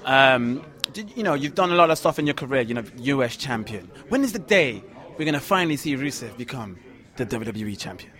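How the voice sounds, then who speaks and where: A man's voice: mid-range voice, lively intonation, fairly quick, a bit bright. A man hosting a wrestling chat show and interviewing a guest, eager and rambling with lots of fillers.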